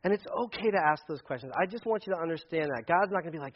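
A man preaching a sermon, animated, acting out quoted voices and swinging between loud and hushed delivery. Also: fairly high pitch, very fast, few pauses. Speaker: pastor. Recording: dull lo-fi sound.

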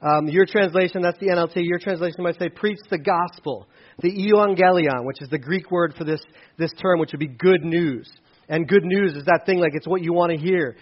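A man preaching a casual sermon as pastor, conversational with self-deprecating asides and lively storytelling. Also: a little high, moderate pace, highs cut off. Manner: conversational, self-deprecating asides, animated when telling stories.

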